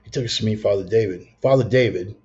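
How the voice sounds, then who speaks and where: A man's voice: on the low side, fast talker, darkish tone, muffled recording. A man giving a conversational, emphatic sermon told as a personal story. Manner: conversational, emphatic, swears in passing. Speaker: preacher.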